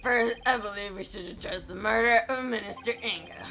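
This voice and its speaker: A woman's voice: medium pitch, fairly quick, pushed and bright, a little hiss or hum. A woman putting on a stern old male judge. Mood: solemn. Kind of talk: fan voice acting over a game.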